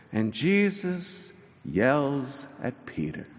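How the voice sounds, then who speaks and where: A male pastor preaching a sermon, telling the story with lively mimicry of the disciples. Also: takes it slowly, highs cut off. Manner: animated storytelling, mimicking disciples in high voices. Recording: church hall reverb.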